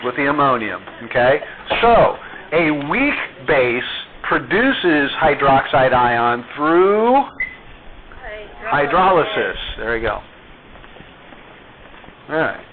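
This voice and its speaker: A very animated man with a mid-range voice runs a chemistry lecture, pausing slowly and deliberately to question his students. Background noise is present in this tinny, phone-like classroom recording.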